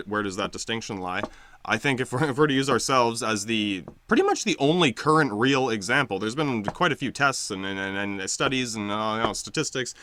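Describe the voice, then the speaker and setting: A man's voice: lowish voice, bright, forceful tone, slight background noise. A man leading an improvised space-mission role-play in casual chat, talking loosely with many fillers, restarts and swearing.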